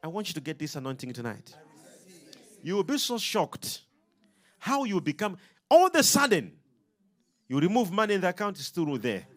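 A man's voice: high voice, wildly swooping pitch, moderate pace, pauses often, fairly bright tone, soft background music. A man preaching a sermon, emphatic and rhythmic, throwing questions out to his congregation.

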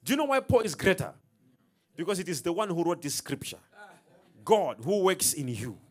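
A man preaching a sermon in an emphatic, preacherly style, calling out questions to the congregation and swinging between loud and soft. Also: high-pitched, very animated, moderate pace. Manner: emphatic, preacherly call-and-response, dramatic swings in loudness.

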